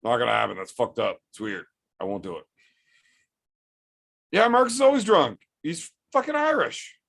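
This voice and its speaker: Brief: tipsy male stream host, gravelly voice, foul-mouthed and rambling. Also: mid-range voice, animated, normal speed, fairly bright tone. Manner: profane, rambling storyteller. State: drinking, tipsy. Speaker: livestream host reading chat. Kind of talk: casual storytelling chat.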